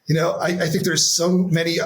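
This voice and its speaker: A man co-hosting a casual business podcast, telling stories in an animated way with many restarts. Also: a little high, a little fast. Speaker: podcast co-host.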